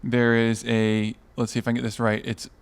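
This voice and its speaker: A man's voice: mid-range voice, completely flat delivery, fairly quick, gravelly, clear, resonant tone. A man who is a fire chief, talking in an easygoing, plainspoken way as a podcast guest. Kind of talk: casual interview talk.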